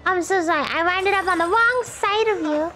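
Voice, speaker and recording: Very high-voiced woman yelling at a game. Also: normal speed, over music. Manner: loud, exclamatory, swears and jokes at the game. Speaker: gaming streamer. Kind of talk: let's play commentary.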